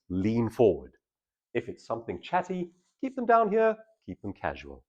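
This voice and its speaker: A man's voice: fairly low pitch, breathy edge. A man, a public speaking trainer, giving a live workshop talk to an audience and shifting between intense and casual delivery.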